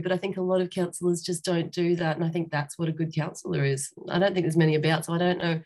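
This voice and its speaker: A woman, a guest on an interview show, candidly telling a personal story in a frank, rambling way with many restarts. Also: lowish voice.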